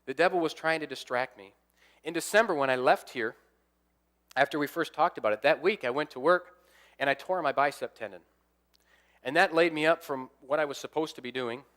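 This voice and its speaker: A man's voice: a little high, fairly quick, fairly bright tone. A young adult man, an assistant pastor, preaching a sermon as a personal story and acting out the dialogue.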